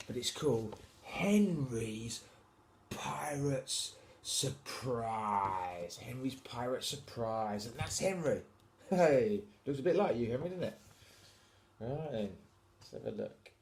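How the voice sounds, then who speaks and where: Man, dad, reading a storybook aloud, casual asides, mid-pitched. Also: lively intonation, slow, darkish tone. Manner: casual, chatty asides between read lines. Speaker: dad reading to his kids.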